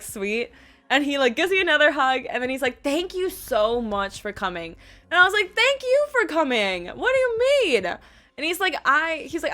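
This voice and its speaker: A young woman telling a casual storytime vlog, bubbly and quick, full of "like" and acted-out quotes. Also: sits high, fairly bright tone. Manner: bubbly, quick, lots of "like" fillers and quoted voices. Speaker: vlogger.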